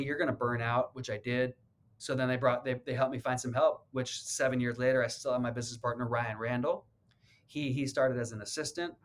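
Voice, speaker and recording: A man in an interview telling his own story in an earnest, heartfelt way. His voice sits at a middle pitch. He stumbles and repeats words when the story gets emotional. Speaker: real estate agent. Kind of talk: personal storytelling in a sit-down interview.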